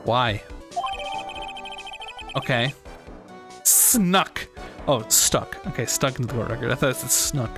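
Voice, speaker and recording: A streamer reading a story game aloud, with quick, joking asides. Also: mid-range voice, fairly even intonation. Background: loud game music.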